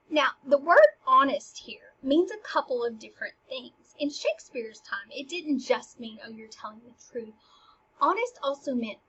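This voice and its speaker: A woman teaching a scene from a classic play in a casual, animated way, acting out the lines and dropping into near-whispered asides. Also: sits high, moderate pace, slightly rough. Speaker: teacher explaining Shakespeare. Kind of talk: casual lecture with dramatic readings. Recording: dull lo-fi recording.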